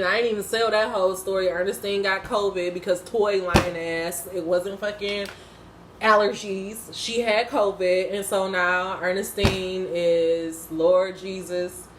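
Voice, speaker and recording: A woman talks through a TV episode in an unscripted, casual way. Her voice sits at a middle pitch, and she is blunt, profane and impassioned. A faint noise floor runs beneath her. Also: echoey room. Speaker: TV episode reviewer.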